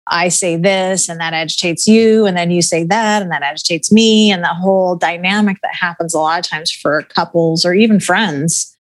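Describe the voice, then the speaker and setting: A woman's voice: on the low side, moderate pace, hardly any pauses. A middle-aged woman talking casually as a guest, chatty and laughing often, full of filler words. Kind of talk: casual podcast conversation.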